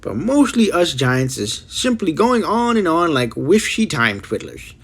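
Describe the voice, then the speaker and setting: A man's voice: big pitch swings, unhurried, slightly rough, exaggerated voice. A man voicing a very old, kindly giant who talks in jumbled, mangled grammar. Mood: rambling. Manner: mangled grammar, booming cries.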